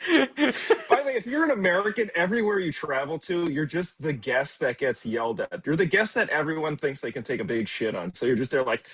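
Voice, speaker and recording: A man's voice: medium pitch, lively intonation, brisk, a bit bright, breathy edge. A man co-hosting a movie podcast, telling stories in casual, laughing banter. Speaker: podcast co-host. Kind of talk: casual chat.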